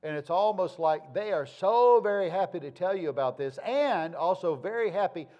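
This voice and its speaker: A man's voice: high voice, animated, normal speed, warm tone, muffled recording. A male pastor, preaching in a folksy, conversational way with homespun sayings. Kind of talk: sermon.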